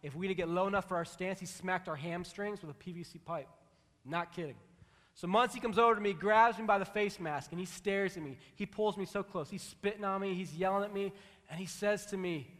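A man preaching a sermon in a large church hall, telling stories in an animated, conversational way and acting out quotes. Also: high voice, a little fast. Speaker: pastor. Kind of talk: storytelling sermon.

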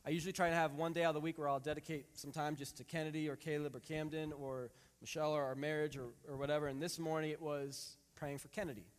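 A man in his thirties preaching a sermon, reading scripture and telling a family story in a lively, animated way. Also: fairly high pitch, fast talker, few pauses. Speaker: pastor. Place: church hall. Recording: long hall reverb.

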